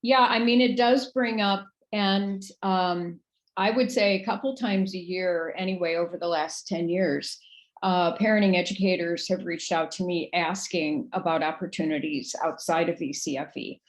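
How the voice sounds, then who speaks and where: A woman guiding a video meeting, measured and slightly hesitant. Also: on the low side, fairly even intonation, low-quality recording. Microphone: video call.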